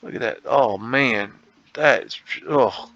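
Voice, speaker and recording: Faint guitar music plays beneath the dull lo-fi audio as a man, medium-pitched and a bit bright, slowly talks through a casual photo tour. As host, he drifts and muses aloud, tossing in slangy asides.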